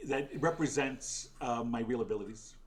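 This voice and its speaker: A man's voice: medium pitch, normal speed. A man chatting as a guest, rambling and hesitant, affectionate toward the hosts. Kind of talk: casual chat.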